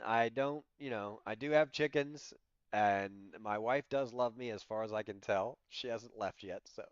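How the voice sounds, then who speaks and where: Chatty sixty-year-old man, smooth and dry. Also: on the low side, a little slow, no room sound, muffled recording. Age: 60s. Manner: chatty storytelling, laughs often, acts out his own quoted lines. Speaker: livestream host. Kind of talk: casual livestream chat.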